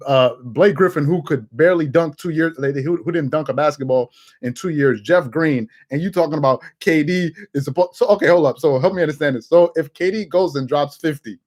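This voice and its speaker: Brief: male sports host, voice on the high side, chatty and excitable, stumbles and restarts. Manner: animated, laughing, with quick repeated restarts. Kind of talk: casual sports commentary.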